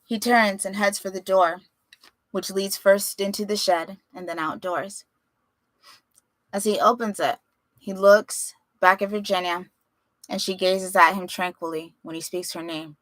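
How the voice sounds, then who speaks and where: A woman reading a story aloud with expressive, dramatic narration. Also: medium pitch, unhurried, dry recording. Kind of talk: audiobook-style story reading.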